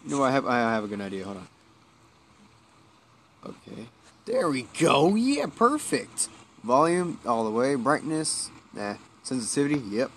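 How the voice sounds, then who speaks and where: Guy yelling and reacting through a spooky game, mid pitch, lots of noise behind him. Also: normal speed. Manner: excitable, jumpy, swears at scares. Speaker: gameplay commentator. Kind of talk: casual let's play commentary.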